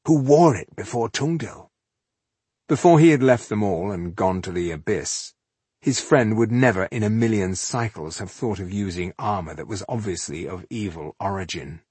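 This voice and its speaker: A man narrating a fantasy novel in a steady, measured reading, with a husky voice. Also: sits low, no room sound. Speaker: audiobook narrator.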